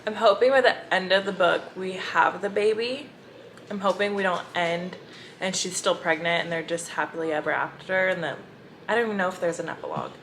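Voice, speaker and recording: A woman's voice: on the low side, a little fast, slight background noise. A young woman chatting casually on her book vlog, gushing and telling stories to her viewers. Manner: gushing, animated storytelling to viewers. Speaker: book vlogger.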